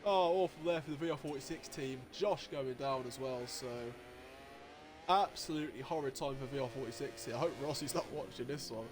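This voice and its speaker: A man giving live commentary on an online motorcycle race, getting excitable and jumping high at the overtakes, with race engine noise behind him. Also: fairly quick. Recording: noisy with engine sounds behind. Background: racing game engine noise.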